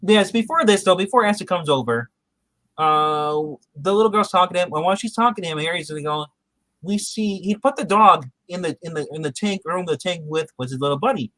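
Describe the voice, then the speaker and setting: A man's voice: high voice, expressive, a little fast, a bit bright, dry recording, rough recording. A man co-hosting a podcast, giving a casual episode recap and animatedly acting out the characters' quotes. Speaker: podcast co-host.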